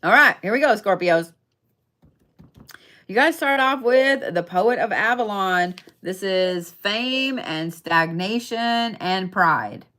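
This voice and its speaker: Slow, chatty woman reading tarot. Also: mid-range voice, expressive, pushed and bright. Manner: chatty, emphatic, frequent "okay?" check-ins, swears casually. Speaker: tarot and zodiac reader. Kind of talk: casual live tarot reading.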